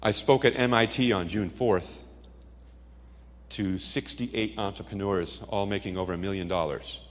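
Speaking at a normal speed in a fairly low voice, a middle-aged Christian man delivers a dramatic testimony sermon. He tells stories punctuated by punchy asides, and the recording carries a long hall reverb.

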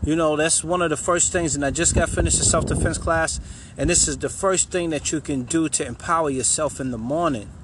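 Man, fitness and faith coach, guided affirmations, casual, repetitive, slightly high voice. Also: steady tone, fairly quick, background noise. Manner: encouraging, repetitive, says "you know what I'm saying" a lot; casual, conversational.

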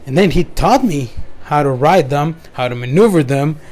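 In casual first-person storytelling about his work, a young man whose first language is Spanish keeps restarting and adding asides. His voice is fairly high, expressive and a little mellow, at a moderate pace.

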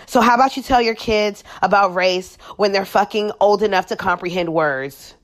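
A woman's voice: mid-range voice, normal speed. A woman talking candidly as a podcast guest, blunt and profane, often restarting her sentences. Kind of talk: candid personal reflection.

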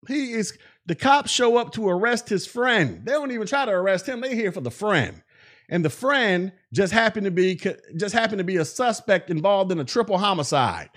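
A man hosting a podcast, speaking in with blunt, mocking commentary and laughing at his own jokes. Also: fairly high pitch. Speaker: podcast host. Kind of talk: casual commentary.

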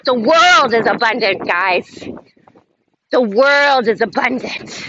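On slightly dull lo-fi audio with faint noise, a woman hosts a motivational talk, leading chant-like affirmations with emphasis. Her voice sits on the high side, expressive, pushed, and bright, and she speaks slowly.

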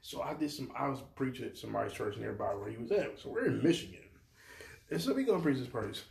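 A man's voice: medium pitch, sing-song, fast, gravelly, darkish tone, roomy sound. A man, a pastor and podcast co-host, telling a story in casual chat and acting out the voices of people he quotes.

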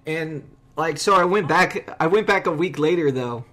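A man hosting a podcast in casual conversation, rambling and animated, with many restarts. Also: on the high side, moderate pace. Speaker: podcast host.

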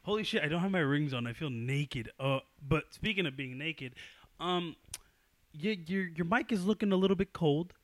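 A young man hosting a casual podcast chat, excitable and swearing often, breaking into loud laughter. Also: a little high, moderate pace, no echo. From New York. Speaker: podcast host.

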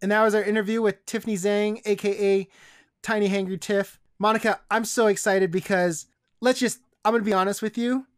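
A woman's voice: medium pitch, fairly even intonation, brisk, dry recording. Chatty woman podcast host, dry sound. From Seattle area. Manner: chatty, laughs often, trails off into fillers. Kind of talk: casual podcast chat.

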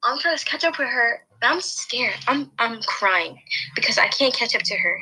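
Young woman, casual podcast storytelling, rambling with many restarts, bright voice, fairly high pitch. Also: expressive, moderate pace, slightly rough, poor audio. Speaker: podcast host.

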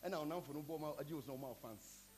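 A man with a Ghanaian accent preaching a sermon, building up to shouted lines. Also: a little high, very fast, poor audio. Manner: preaching, switching between Twi and English, rising to shouts. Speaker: pastor. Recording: with loud music behind.

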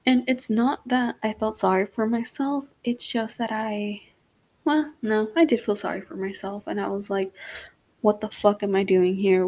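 A woman's voice: mid-range voice, gravelly, a little mellow. A young adult woman hosting a solo podcast, talking candidly and rambling with lots of fillers. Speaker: podcast host. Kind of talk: casual solo podcast monologue.

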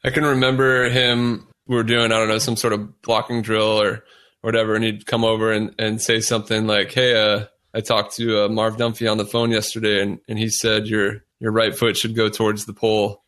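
A man hosting a podcast interview, recalling stories in a steady, reflective way. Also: lowish voice, brisk. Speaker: podcast host.

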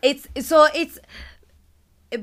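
A woman's voice: slow pace, a bit bright. A woman co-hosting a podcast, chatting casually and explaining things with restarts. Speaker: podcast co-host. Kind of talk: casual chat.

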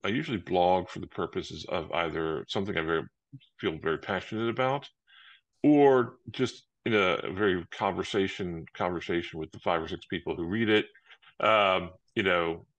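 Deep gravelly man, halting answers. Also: fairly bright tone, no room sound, muffled recording. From Maryland, United States. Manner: hesitant, many "uh" fillers and restarts. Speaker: guest author. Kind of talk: casual interview answers.

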